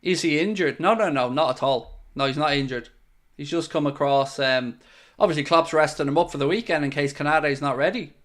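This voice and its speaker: Excitable man with a high voice streaming a match. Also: a little fast. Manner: excitable, swings between chatty asides and loud bursts at goals; reads out and answers viewer messages. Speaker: streamer hosting a football watchalong. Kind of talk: live casual commentary and chat.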